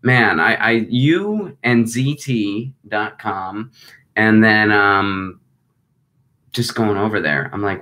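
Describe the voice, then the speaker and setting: A man's voice: on the low side, expressive, slow pace, bright, forceful tone. A man co-hosting a live online show, chatting casually and gushing enthusiastically with jokes. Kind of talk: casual comedic chat.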